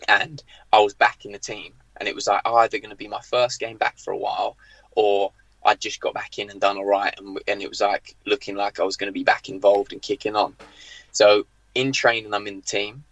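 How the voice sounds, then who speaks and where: A man, a former footballer, telling an anecdote on a podcast, animated and acting out the dialogue, with frequent "like" fillers. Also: on the low side, a little fast, no echo, lo-fi sound. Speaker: former professional footballer, guest. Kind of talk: podcast storytelling.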